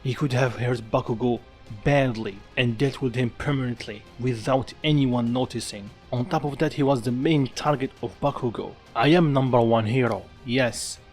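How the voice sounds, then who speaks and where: A man's voice: mid-range voice, normal speed. A man narrating a fan story in a casual, offhand way. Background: background music.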